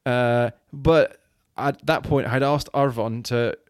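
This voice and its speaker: A man's voice: medium pitch, fairly even intonation, slow pace, no echo, clean studio sound. A man from Wales, a guest on an interview, talking earnestly and rambling with many restarts and fillers. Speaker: guest, children's ministry leader. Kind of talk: casual interview talk.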